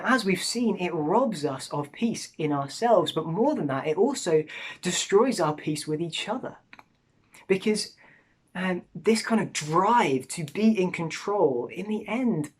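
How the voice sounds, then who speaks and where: A speaker giving an earnest evangelistic talk to students, pleading and dropping to a hush at times. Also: medium pitch, breathy edge.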